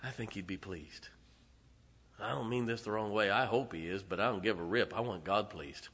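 A man preaching a sermon as pastor, emphatic and laughing between lines, swinging from loud to soft. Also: fairly low pitch, normal speed. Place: large church auditorium. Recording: long hall reverb.

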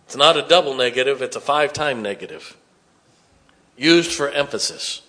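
A man preaching a sermon, dropping to hushed tones and rising to loud emphatic bursts. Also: medium pitch, animated, normal speed. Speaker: pastor.

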